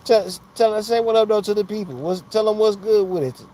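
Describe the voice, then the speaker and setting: A man's voice: high-pitched, a little fast, dark tone, slight background noise. A man hosting a casual live stream from outside his home, talking into a phone in a rambling, slangy way and laughing often. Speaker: livestream host.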